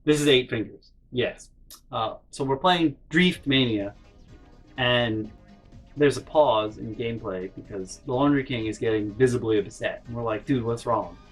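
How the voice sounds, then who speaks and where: A man's voice: mid-range voice, normal speed, soft background music, poor audio. A young man telling a funny story from his life in a casual, rambling way, with frequent swearing and mock-indignant asides. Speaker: storytelling vlogger.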